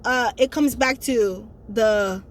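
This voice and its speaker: A woman's voice: on the high side, takes it slowly, noisy background. A woman in casual chat, reviewing a movie and talking straight to her viewers in an emphatic way.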